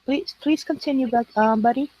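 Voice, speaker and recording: A woman's voice: sits high, brisk, dark tone, no room sound, low-quality recording. A woman in her fifties with a tongue-tied speech impediment, chatting emphatically and repeating words. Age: 50s. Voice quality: tongue-tied speech, slightly toothless sound. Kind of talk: casual chat.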